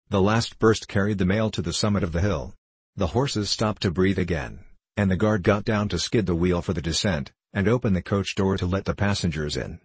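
A man reads a classic novel aloud in a measured, even manner. His voice is deep and a little husky. The recording is dry and close. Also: dry recording. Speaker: audiobook narrator. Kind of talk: scripted classic novel narration.

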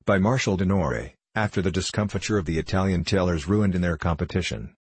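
Low, husky male audiobook narrator. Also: brisk, dry recording. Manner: steady, even storytelling. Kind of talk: scripted narration of a classic novel.

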